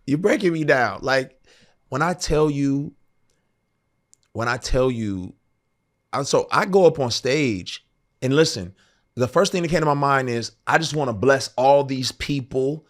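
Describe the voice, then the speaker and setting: A man in his forties hosting a podcast, telling stories in an excited, expressive way in casual conversation. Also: mid-range voice, unhurried, pauses often. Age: 40s. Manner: excited, expressive retelling with bursts of laughter. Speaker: podcast host. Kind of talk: casual conversation, animated storytelling.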